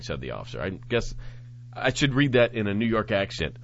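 A man hosting a talk show, reading news reports aloud and commenting on them in a sarcastic, animated way. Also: on the low side, a little fast, gravelly, slight background noise. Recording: dull lo-fi audio.

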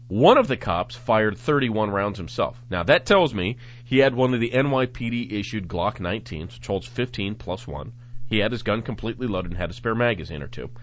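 A man hosting a talk show, reading news reports aloud and commenting on them in a sarcastic, animated way. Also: lowish voice, a little fast, slight background noise. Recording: dull lo-fi audio.

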